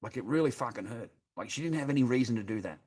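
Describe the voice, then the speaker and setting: A man's voice: mid-range voice, lively intonation, fast talker, darkish tone, husky. A middle-aged Australian man talking on a casual livestream, bitter and rambling, swearing constantly as he answers his chat.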